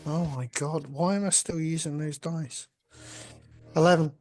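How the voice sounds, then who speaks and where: A man's voice: on the high side, steady tone, a little slow, darkish tone. A man playing a tabletop game, casual and self-deprecating about his dice rolls. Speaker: player. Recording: faint guitar music behind.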